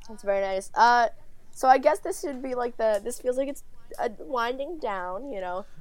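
A woman's voice: a little high, expressive, normal speed. A woman from New York co-hosting a podcast, joking and hesitant, with plenty of fillers. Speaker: podcast co-host. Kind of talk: casual chat.

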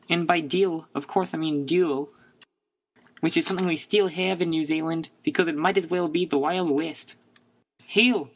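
A man voicing a cheerful visiting New Zealander who keeps repeating the country's name. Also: high voice. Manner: repeating words in a put-on accent. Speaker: fan contributor doing an impression skit.

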